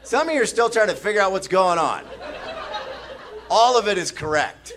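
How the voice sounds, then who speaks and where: A man's voice: high-pitched, normal speed, a faint crowd. A man from the American Midwest doing a stand-up comedy set on a club stage, acting out the strangers in his stories. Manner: animated, acts out drunk strangers with mumbling voices. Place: comedy club stage before a laughing audience.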